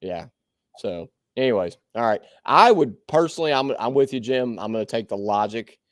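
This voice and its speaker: Lively swearing podcast co-host, a man. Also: medium pitch, moderate pace, dry recording, clean studio sound. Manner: animated, laughing, swearing freely. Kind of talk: casual chat.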